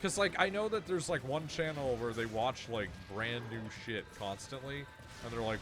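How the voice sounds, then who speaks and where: A man's voice: medium pitch, lively intonation, normal speed, over loud music. A Canadian man from Ontario hosting a casual gaming stream, rambling and swearing as he interrupts himself. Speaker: streamer host.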